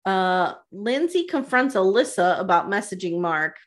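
A woman chatting through a reality show recap with a gossipy, animated delivery. She retells scenes in quick quoted asides and breaks into laughter often. Her voice sits at an ordinary middle pitch. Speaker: podcast co-host. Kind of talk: casual recap chat.

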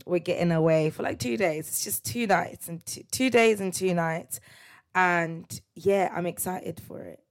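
Chatty young woman, lowish voice. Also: gravelly. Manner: chatty, laughing, tag questions like "you get me?". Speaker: podcast host. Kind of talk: casual solo podcast chat. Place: parents' house.

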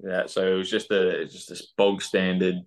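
A young man with an Australian accent, chatting loosely as a footballer guest on a podcast, laughing easily. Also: low-pitched. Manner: relaxed, laughing, halting with fillers. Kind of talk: casual podcast interview.

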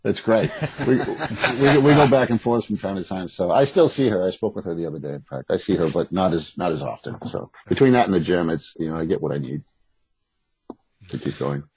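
Husky fast-talking man, blunt and candid. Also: low voice, expressive, a little mellow, low-quality recording. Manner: candid, blunt, rambling with restarts. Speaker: guest, author. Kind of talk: casual interview conversation.

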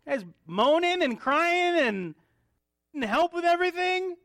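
A preacher mocking whiny, tired disciples. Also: male voice, extremely high pitch, very animated, moderate pace, no room sound, clean studio sound, pitched above the performer's own voice, heavily acted. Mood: exasperated. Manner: whiny, exasperated, raised and loud. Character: grumbling tired disciples, impatient men.

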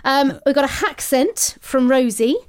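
A woman's voice: high voice, measured pace. A woman co-hosting a podcast, giggly and playful in casual chat. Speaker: podcast co-host.

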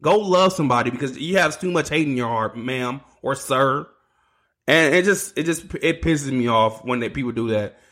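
A man's voice: mid-range voice, moderate pace, a bit bright. A man hosting a solo sports podcast, ranting casually with lots of swearing and restarts. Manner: ranting, profane, restarts a lot. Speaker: podcast host.

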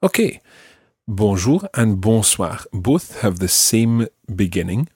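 Scottish male tutor, husky low voice, patient, dry close sound. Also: big pitch swings, a little mellow, dry recording. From Scotland. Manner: clear, patient, repeats words slowly for the learner. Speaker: language teacher. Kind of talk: podcast language lesson.

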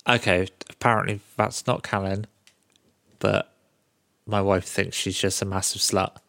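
A man's voice: deep voice, level tone, a little slow, vocal fry, a bit bright, no room sound, clean studio sound. A man hosting a podcast, recapping a video game in a casual, sarcastic way and swearing freely. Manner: sarcastic, swears freely, mocks the game's characters. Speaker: podcast host.

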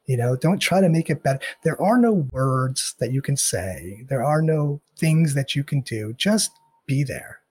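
Husky middle-aged man, earnest and reflective. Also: mid-range voice, expressive, normal speed, a little mellow, no room sound. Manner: earnest and reflective, repeats phrases for emphasis. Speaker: podcast guest. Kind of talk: candid interview talk.

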